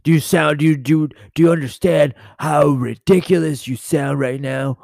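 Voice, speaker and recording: A man playing a brash male conspiracy talk-show host in an improvised comedy sketch, hoarse and scoffing at his guests. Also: a little high, fairly even intonation, moderate pace, darkish tone, dry recording, studio quality. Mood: mocking. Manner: scoffing, mocking retorts. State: losing his voice.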